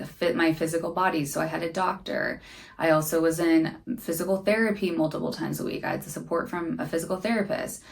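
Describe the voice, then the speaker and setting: Earnest woman with a gravelly low voice. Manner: earnest, faith-minded, candid about struggles. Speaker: podcast host. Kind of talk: personal reflective monologue.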